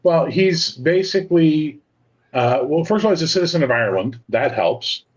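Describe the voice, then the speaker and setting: A man's voice: fairly high pitch, expressive, moderate pace, husky. A Canadian man ranting profanely about politics in casual banter with friends. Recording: slightly dull lo-fi audio.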